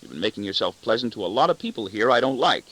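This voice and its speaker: A man's voice: fairly low pitch, very animated, fast, a bit bright, husky, full character voice, low-quality recording. A man voicing an arrogant, cutting corporate boss in an audiobook, with a sardonic, self-satisfied delivery. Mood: sarcastic. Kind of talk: audiobook reading.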